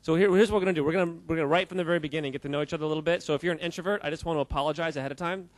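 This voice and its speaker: A man giving an animated, jokey talk to a live audience, quizzing the crowd and often laughing. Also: on the high side, rapid-fire, no echo. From United States. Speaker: speaker addressing a live audience. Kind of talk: lively audience-interactive talk.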